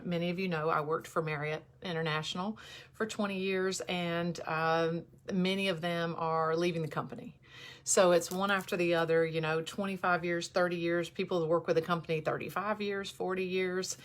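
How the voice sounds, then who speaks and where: A woman in her forties talking candidly to viewers on a livestream, emotional and close to tears, halting and restarting. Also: fairly low pitch, fairly bright tone. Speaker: host. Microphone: camera in front of her.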